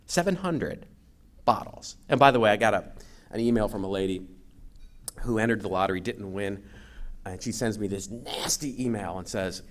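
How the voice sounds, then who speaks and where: Male guest speaker, animated storyteller with a wide-ranging pitch. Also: moderate pace, pauses often. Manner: animated storyteller, acts out quotes. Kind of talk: lively after-lunch talk.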